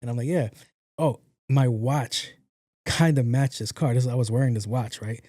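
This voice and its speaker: A man tells a story on his podcast in a loose, conversational way and acts out other people's lines with some swearing. His voice is warm and mellow. The recording is dry and close, with no room sound. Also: medium pitch, moderate pace, no echo. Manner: animated, acts out quotes, profane. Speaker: podcast host. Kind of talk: casual storytelling monologue.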